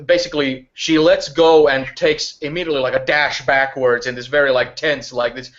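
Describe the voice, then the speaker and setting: A man's voice: medium pitch, steady tone, moderate pace, fairly bright tone. A man acting as game master, narrating a tabletop game in a rambling way full of hedges and restarts. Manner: rambling, many fillers and restarts. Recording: dull lo-fi recording.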